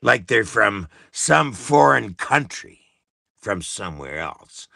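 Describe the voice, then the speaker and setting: Gravelly, heated Canadian man ranting. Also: lowish voice, big pitch swings, slow, sharp tone, no echo, studio quality. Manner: profane, heated, emphatic. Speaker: livestream host. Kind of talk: angry ranting monologue.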